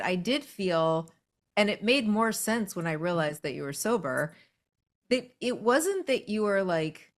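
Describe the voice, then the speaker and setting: A woman's voice: medium pitch, a bit bright. A woman hosting a podcast, talking in a thoughtful, casual way as she searches for words. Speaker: podcast host. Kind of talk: casual conversation.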